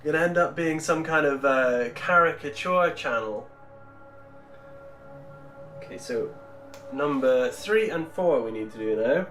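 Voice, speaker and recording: A rambling, chatty man with a fairly high voice hosts a relaxed livestream, thinking aloud and answering viewers as he works. His voice carries a roomy echo, with faint music running underneath. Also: unhurried, pauses often. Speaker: miniature-painting livestreamer. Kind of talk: casual livestream chat. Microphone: Bluetooth microphone.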